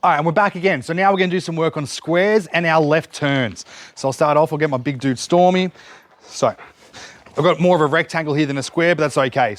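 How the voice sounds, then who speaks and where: A man demonstrating dog training outdoors, explaining each step while giving his dog short cues and praise. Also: on the high side. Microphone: camera set up nearby.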